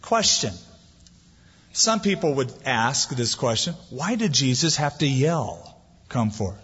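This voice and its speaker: A man's voice: medium pitch, very animated, a little slow, a bit bright, slightly rough. A man preaching a sermon as pastor, building emphasis and reading scripture aloud. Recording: dull lo-fi sound with long hall reverb.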